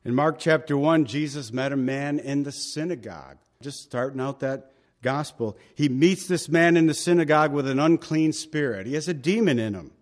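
A man's voice: a little high, moderate pace. A male pastor giving a verse-by-verse Bible teaching sermon, conversational and emphatic, with chatty asides to the congregation.

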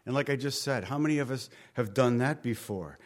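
A man's voice: mid-range voice, a little fast. A man preaching a Bible study sermon in a conversational way, rising and falling in volume and sometimes dropping almost to a whisper. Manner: conversational, varies volume, drops to near whisper. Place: room with a group.

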